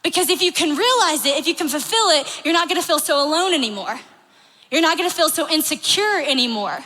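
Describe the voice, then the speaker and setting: Young woman chatting about faith, high bright voice, lots of "like", echoey hall. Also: quick pace. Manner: chatty, animated, says "like" often. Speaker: youth speaker. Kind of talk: casual faith talk. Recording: roomy hall reverb.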